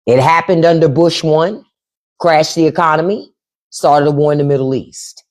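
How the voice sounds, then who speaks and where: A woman's voice: sits low, normal speed, darkish tone. A woman hosting a casual livestream, talking bluntly and with profanity while answering the chat. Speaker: podcast host on a livestream.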